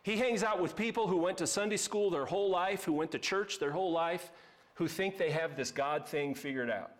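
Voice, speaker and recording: A man's voice: high-pitched, normal speed. A man preaching a sermon as pastor, conversational and emphatic, with casual asides.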